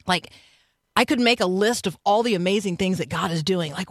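A woman's voice: medium pitch, lively intonation, fairly quick, fairly bright tone, no room sound. A woman hosting a Christian morning radio show from a studio. She talks in a chatty, reflective way, with frequent "um" and "like". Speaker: radio host.

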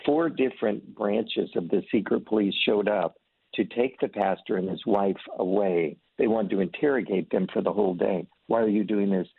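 A man's voice: fairly low pitch, moderate pace, creaky, breathy edge, no echo. A man who leads a ministry, telling earnest stories in conversation and acting out the voices in them. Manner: earnest storyteller, acts out voices in anecdotes. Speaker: ministry leader. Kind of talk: conversational testimony. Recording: tinny phone line.

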